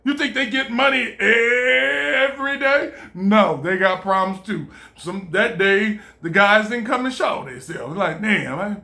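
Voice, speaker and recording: A man giving an animated, preachy motivational monologue, laughing often and swearing freely. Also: high-pitched, unhurried, vocal fry, hardly any pauses. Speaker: vlogger.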